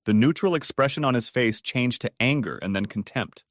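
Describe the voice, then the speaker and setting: A man narrating a storybook in a dramatic, expressive way, his pitch rising and falling freely. The recording is close and dry, with no room sound. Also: moderate pace, few pauses, no echo.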